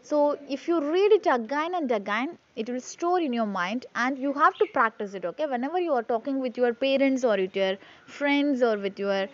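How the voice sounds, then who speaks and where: A woman's voice: high-pitched, lively intonation, dull audio. Woman teacher drilling phrases. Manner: slow drilling repetition, reads phrases twice. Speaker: English teacher. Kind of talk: classroom lesson reading aloud.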